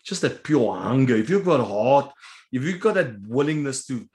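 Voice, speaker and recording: A man's voice: medium pitch, big pitch swings, normal speed, a little mellow. A middle-aged man, a retired rugby player and coach, hosting an interview with easy enthusiasm. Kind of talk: casual interview chat.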